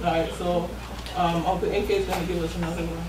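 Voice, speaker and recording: A woman's voice: lowish voice, little pitch movement, quick pace. Encouraging woman heard far off in a roomy space. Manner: encouraging, hesitant with ums. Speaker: event host. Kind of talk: motivational talk. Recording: echoey room, far from mic, noisy.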